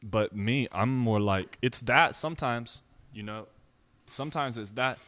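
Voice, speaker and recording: A man's voice: medium pitch, measured pace, a bit bright, no echo. Young man, casual rambling vlog monologue, self-mocking, dry close recording. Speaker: musician vlogger.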